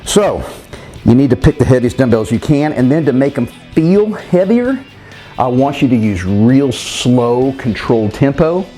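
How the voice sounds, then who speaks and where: A man's voice: mid-range voice, animated, a little slow, warm tone, soft background music. A man giving workout instructions, talking straight to viewers and counting reps aloud, winded between sets. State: winded while exercising. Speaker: fitness trainer.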